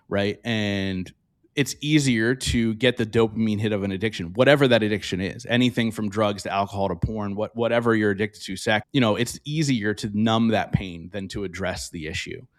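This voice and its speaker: A man talking as a podcast guest, reflective and earnest, speaking openly in a candid interview. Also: lowish voice.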